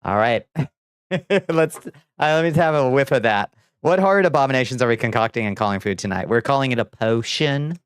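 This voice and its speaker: A man's voice: medium pitch, lively intonation, moderate pace, smooth, no echo, clean studio sound. A man streaming casually, playful and theatrical as he chats with viewers while mixing ingredients. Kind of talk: casual livestream chat.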